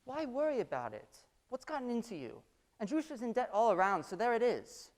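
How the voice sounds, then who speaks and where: A woman's voice: on the high side, very animated, a little fast, a little mellow, in a large hall. A woman playing a smug middle-aged schoolteacher. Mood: complacent. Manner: complacent, pedantic. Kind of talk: amateur stage drama.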